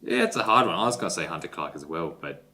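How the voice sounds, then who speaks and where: Lively, bright podcast co-host. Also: male voice, low voice, fast. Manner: hesitant, stumbles and restarts. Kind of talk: casual sports chat.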